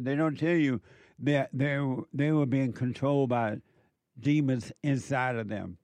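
A man giving an impassioned spiritual monologue, emphatic and repetitive, slowing down to stress his points. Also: medium pitch, darkish tone, no room sound. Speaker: speaker preaching about the devil.

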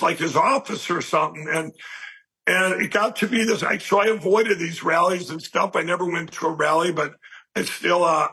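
A man being interviewed, telling a long personal story in a rambling, animated way and acting out what people said. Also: high-pitched, breathy edge, low-quality recording. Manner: animated, rambling storyteller who acts out quoted speech. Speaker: interview guest.

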